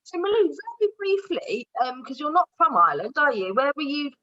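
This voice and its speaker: A woman's voice: sits high, very animated, a little fast, bright, forceful tone, no echo, dull audio. A woman hosting a casual online radio show, chatting enthusiastically with guests over a video call. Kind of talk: casual chat.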